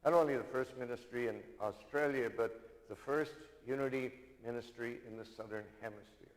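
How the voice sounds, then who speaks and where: A man's voice: mid-range voice, fairly even intonation, a little fast. Older male minister in a reverberant hall. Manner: storytelling, repeats key lines for emphasis. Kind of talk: sermon.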